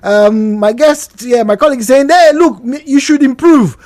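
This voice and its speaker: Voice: high voice, normal speed, dry recording. A radio talk show host, pressing the guest with questions and restarting sentences, in a studio. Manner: animated, probing, hesitant restarts. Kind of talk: live radio discussion.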